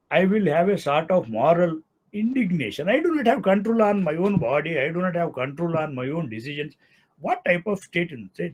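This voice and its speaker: A man's voice: mid-range voice, breathy edge. A man in his sixties with an Indian English accent, a law professor giving an explanatory lecture and often using "see" and "okay". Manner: explanatory, repeats key words, uses "see" and "okay". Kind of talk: academic lecture.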